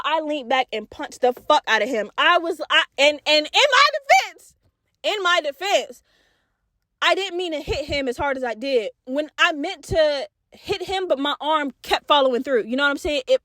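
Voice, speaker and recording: A young woman hosting a podcast, telling a story in a loud, profane, animated casual way straight to her listeners. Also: high voice, normal speed, no echo, studio quality. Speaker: podcast host. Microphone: podcast mic.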